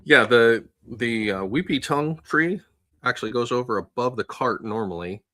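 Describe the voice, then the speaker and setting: A man's voice: medium pitch, moderate pace, sharp tone. A man co-hosting a casual live stream, chatting and adding side remarks and ideas. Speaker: co-host.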